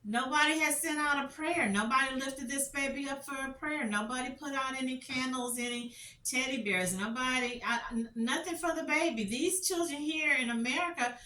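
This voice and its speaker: A woman's voice: high-pitched, moderate pace, bright, forceful tone, far from the mic, a little hiss or hum. Passionate woman in an echoey room. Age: middle-aged. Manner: passionate, repeats phrases, rhetorical questions. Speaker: commentary vlogger. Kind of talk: emotional storytelling commentary.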